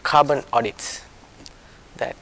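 A man guides a small discussion circle in a meeting room, soft-spoken and apologetic, often restarting his sentences. His voice has a gravelly edge, and faint background noise runs under it. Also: mid-range voice, steady tone, slow pace. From a warm-climate country. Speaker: discussion leader.

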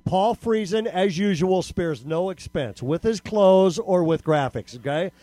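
A man with a high voice tells a comic story to a live crowd of teenagers. He is animated and acts out quotes and noises, tagging his lines with a questioning "okay?". His voice sounds close and dry, with no room echo. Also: measured pace. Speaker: speaker addressing teenagers at a camp. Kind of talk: comedic storytelling talk to a live audience.

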